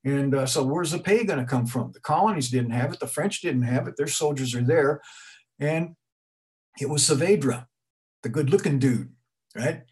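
A man's voice: medium pitch, moderate pace, darkish tone, husky. A middle-aged man giving an informal history talk to an audience, conversational and rambling, with frequent restarts and asides. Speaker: museum speaker giving a talk.

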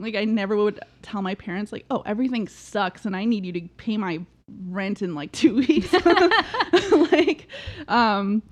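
A woman's voice: mid-range voice, moderate pace. Giggly rambling woman. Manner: rambling, laughs often, many fillers. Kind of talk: casual conversation.

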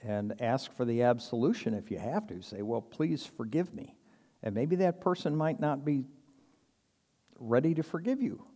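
A man's voice: medium pitch, expressive, moderate pace, warm tone, big-room sound. A man preaching a sermon in a conversational, earnest way, acting out little quoted exchanges and chuckling now and then. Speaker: pastor.

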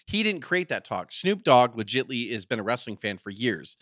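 A man hosting a podcast, telling a story in casual chat, animated and swearing freely. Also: mid-range voice, moderate pace, no room sound, studio quality. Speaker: podcast host.

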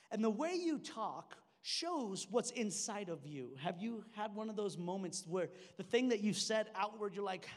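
High-voiced young man preaching in a reverberant hall. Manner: conversational, joking, with laughs and repeated restarts. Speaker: pastor. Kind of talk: sermon. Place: church sanctuary.

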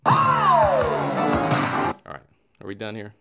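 A man hosting a casual sports talk podcast, ranting in an animated way. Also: lowish voice, takes it slowly, vocal fry, over loud music. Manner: animated, ranting with mock voices. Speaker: podcast host.

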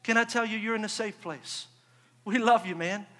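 Male pastor, high voice, energetic sermon, echoey large church. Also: moderate pace. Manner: energetic, rhetorical call-and-response.

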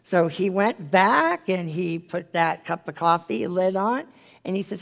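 A Bible study leader with a gravelly, creaky edge to a mid-pitched voice. They teach and pray with earnest, pleading conviction, sometimes sinking into a hushed near-whisper. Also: animated, a little slow. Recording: live-streamed group Bible study.

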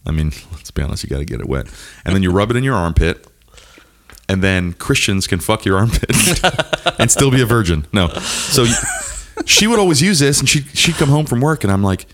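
Animated man telling crude comedy stories. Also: normal speed. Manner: animated storytelling, mimicking his wife in a high voice. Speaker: podcast host. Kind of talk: casual comedic chat.

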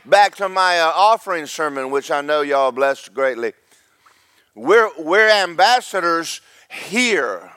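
A man preaching a sermon as pastor, swinging from slow loud emphasis to quick quiet asides. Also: a little high, expressive, clean tone, dry recording.

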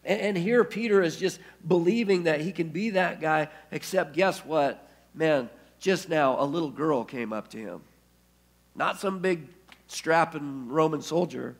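A man's voice: fairly high pitch, unhurried, gravelly, husky. A man preaching a sermon as pastor, telling the story and acting out the quoted speech. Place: church.

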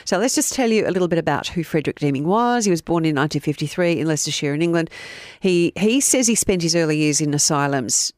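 Aussie woman podcaster, excitable storyteller, lower voice, dead dry mic. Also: quick pace, few pauses, no room sound. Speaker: podcast co-host telling a true crime story. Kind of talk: casual chat.

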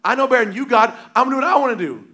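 A man's voice: very high-pitched, lively intonation, racing, voice pushed up, full character voice. A man acting out a boastful, stubborn person who insists on doing things his own way. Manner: cocky, loud and insistent.

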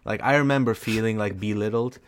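Podcast co-host: laid-back young man with a slightly low voice, chatty and relaxed. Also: brisk, smooth. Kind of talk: casual chat.

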